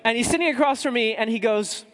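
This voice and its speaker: A man's voice: very high voice, quick pace, fairly bright tone, big-room sound. A man, a journalist, telling a humorous story to a live audience in a chatty, self-deprecating way with asides to the crowd.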